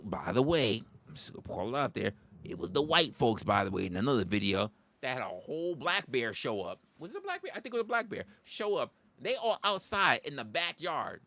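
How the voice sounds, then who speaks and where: A man's voice: a little high, sharp tone, dry recording. A man hosting a livestream, ranting comically and profanely. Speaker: livestream host. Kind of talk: comedic rant.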